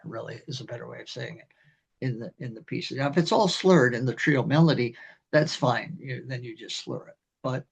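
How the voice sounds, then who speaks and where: An older man, a community band director, explaining conducting in a rambling, halting way and singing rhythms. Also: mid-range voice, vocal fry, husky, lo-fi sound. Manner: rambling, halting, with many fillers and sung rhythms. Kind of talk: instructional talk on conducting.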